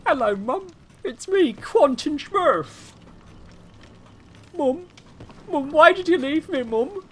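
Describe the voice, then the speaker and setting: A woman's voice: high voice, lively intonation, slow pace, a bit bright, voice pushed up, full character voice. A woman voicing a whiny young man in an odd put-on accent, pleading with his mum. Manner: wailing, pleading, repetitive.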